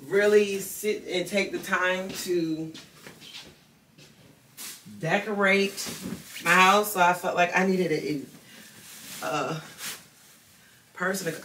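A woman's voice: bright, forceful tone, roomy sound, distant mic, a little hiss or hum. A young woman vlogging casually at home, chatting about her room and later cooing at her dog. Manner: chatty, talks baby talk to her dog in a high voice. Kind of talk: casual vlog chat.

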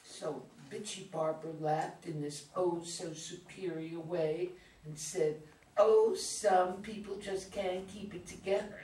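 A woman's voice: sits low, steady tone, slow pace, hardly any pauses, dark tone. A woman reading the part of an awkward, self-conscious teenage girl in a reader's theater play, talking in an emotional, rambling way. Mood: indignant. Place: community theater reading room. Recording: echoey room, mic far off, some hiss.

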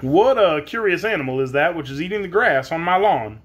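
A stern invisible storybook father, voiced by a man with a gruff manner. He speaks bluntly and firmly, in a breathy voice near the narrator's own. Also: a little high, lively intonation, fairly quick, a bit bright.

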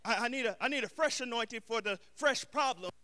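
A man preaching a sermon as the pastor of his church. He builds to shouted emphasis and calls out to the congregation, mixing casual street slang into his preaching. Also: very high voice, quick pace, clear, resonant tone.

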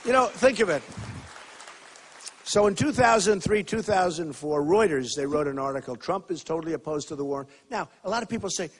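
Older man with a husky, ringing rally voice. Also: lively intonation, brisk. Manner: repetitive, swings between loud shouting and low asides. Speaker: political candidate at a rally. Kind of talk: campaign rally speech. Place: school gym hall with a crowd.

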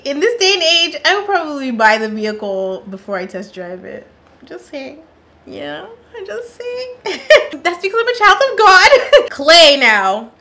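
A woman's voice: sits high, bright, forceful tone. A woman chatting casually as a reaction vlogger, sassy and playful, laughing often. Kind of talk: casual chat.

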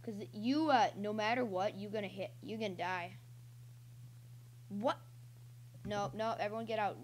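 Young woman, gameplay commentary, excitable, yelping and cheering, rambling, faint hum. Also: medium pitch, normal speed, long pauses. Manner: excitable, yelps and cheers mid-game, rambling. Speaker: gaming channel host.

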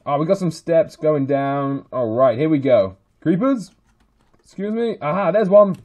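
A young man giving excitable Let's Play commentary as he plays, chattering to the game's creatures. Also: on the high side, a little slow. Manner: excitable, talks to the game mobs. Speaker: gaming channel host.

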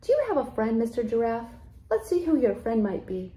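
A woman teaching young children, speaking in a sing-song way with exaggerated delight and slow, clear enunciation. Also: a little high, big pitch swings, dark tone, reverberant. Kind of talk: children's lesson.

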